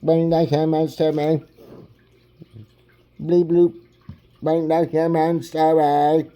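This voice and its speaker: A menacing male robot, as a man puts it on for fun, squeaky and mechanical. The voice jumps high above the performer's own deep tone and stays clipped. It is playful rather than truly threatening. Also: monotone, a little slow, warm tone, natural voice. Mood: mock menacing.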